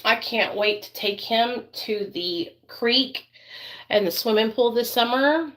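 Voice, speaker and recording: Doing her makeup on camera, an adult mother chats in a rambling, filler-heavy way and dotes on her dog. She talks slowly in a fairly high, slightly bright voice.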